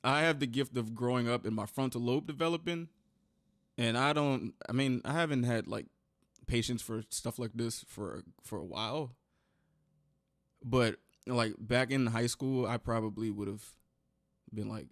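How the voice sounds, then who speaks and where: A man's voice: mid-range voice, no echo, clean studio sound. A young man reacting casually to a video, talking in slang and swearing. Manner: slangy, swearing, quick exclamations.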